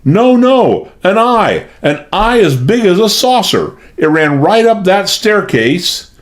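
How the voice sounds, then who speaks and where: A man voicing a terrified, hysterical maid in an audiobook, with a shrill, wailing voice. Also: huge pitch swings, slow pace, exaggerated voice. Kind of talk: audiobook character voice.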